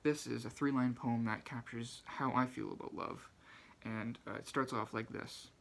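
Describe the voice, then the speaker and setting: A shy, soft-spoken man hosting a book channel, reading favourite quotes aloud and talking them over with many fillers and restarts. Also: mid-range voice, steady tone, moderate pace, vocal fry.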